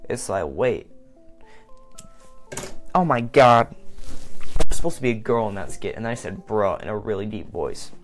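A man's voice: on the low side, lively intonation, quick pace, darkish tone, faint music behind. A man talking on his own in a casual vlog, rambling between topics, swearing, and often saying "like.". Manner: rambling and self-mocking, swearing, frequent "like". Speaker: vlogger. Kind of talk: casual solo monologue.

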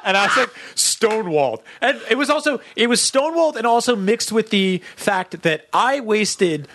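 A man co-hosting a comedy podcast, telling an animated story and acting out the quotes. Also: sits high, normal speed, very noisy. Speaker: podcast co-host.

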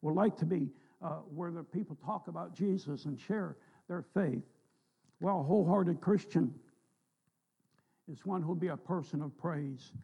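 A male pastor delivers a folksy sermon in a church, his voice gravelly with a husky edge. The recording is dull and lo-fi, and it sounds like a church service. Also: a little high, measured pace, warm tone. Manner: folksy storytelling preacher, rising emphatic on scripture. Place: church sanctuary.

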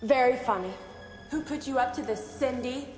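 An actress playing a snobby teen cheerleader who mocks and taunts in a sarcastic way, heard as film audio. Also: female voice, sits high, moderate pace, natural voice. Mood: mocking. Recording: echoey film audio with loud music.

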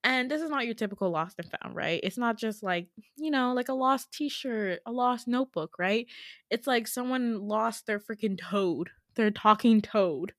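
A woman in her twenties, a podcast host, telling a story in a casual, animated way, giggling and swearing freely. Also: on the high side, moderate pace, dry recording, studio quality.

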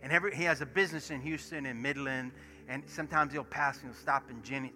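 A man, a pastor preaching in church and acting out stories, swinging from hushed asides to loud bursts. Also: mid-range voice, fast talker. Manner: animated storyteller, acts out dialogue, swings from hushed to shouting. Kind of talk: sermon with storytelling. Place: church sanctuary. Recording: music playing behind sermon. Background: soft worship music.

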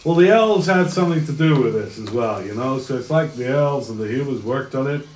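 A man running a tabletop game as game master, narrating in a relaxed, joking way. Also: mid-range voice, a little fast, echoey room, low-quality recording.

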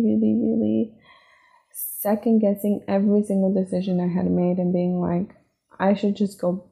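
A woman's voice: mid-range voice, phone-quality sound. A woman hosting a podcast, talking through her personal struggles in a reflective, confessional monologue, emotional and leaning on fillers like "like" and "right?". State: emotional, near tears. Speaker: podcast host.

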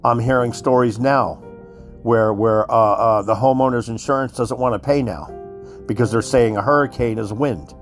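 A man's voice: medium pitch, normal speed, soft background music. A man giving a heated, profane monologue, worked up and repeating himself as he speaks to his listeners. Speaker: commentator. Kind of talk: profane conspiracy rant.

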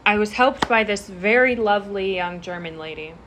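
A woman's voice: mid-range voice, moderate pace, fairly bright tone, slight background noise. A young woman telling a rambling story in casual chat, with lots of fillers and restarts.

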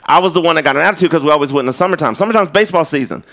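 A man with a somewhat high voice preaches a live sermon, talking to the congregation like a friend. He trips over restarts and jokes along the way, then slows way down and drops his voice to drive a point home before climbing back up to exhort. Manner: conversational preaching with humor and repeated restarts; drops low and slow for emphasis, rises loud when exhorting. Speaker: pastor.

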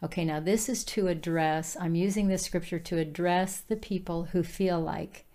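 A woman teaches from scripture in a relaxed, conversational devotional talk. Her voice sits fairly low and sounds mellow and warm. She speaks earnestly and keeps turning to address her listeners directly. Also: normal speed, hardly any pauses. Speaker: Bible teacher.

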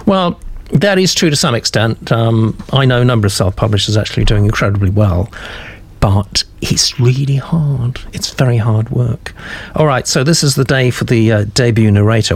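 A man hosting a podcast, talking casually and haltingly before introducing a reader. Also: medium pitch, gravelly. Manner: halting, with fillers and restarts. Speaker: podcast host. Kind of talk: casual chat.

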